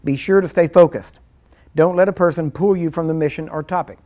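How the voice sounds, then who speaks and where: A man's voice: a little high, fairly quick, dark tone. A man teaching a ministry class in a loose, rambling, conversational way, acting out little scenes and chuckling as he goes. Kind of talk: informal teaching sermon.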